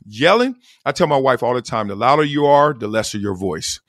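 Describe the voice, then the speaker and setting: A middle-aged man hosting a solo podcast, talking in slang, laughing often and acting out quotes with sudden loud bursts. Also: moderate pace, no room sound, clean studio sound. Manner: animated, acts out quotes with big jumps in pitch and loudness. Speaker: podcast host. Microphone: close studio mic.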